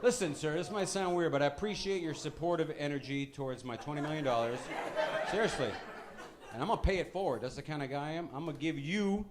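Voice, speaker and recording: A man doing a rambling, deadpan stand-up comedy set on a club stage. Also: fast talker. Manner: deadpan, rambling, lively swings in pitch. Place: comedy club stage with live audience laughter. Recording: live club recording with audible crowd noise.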